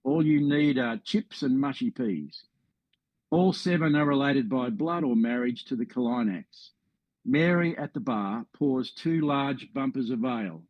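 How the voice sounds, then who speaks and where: A man's voice: medium pitch, measured pace, no echo, highs cut off. Australian man telling a history story. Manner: friendly, wry asides. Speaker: presenter of a history talk. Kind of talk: storytelling presentation.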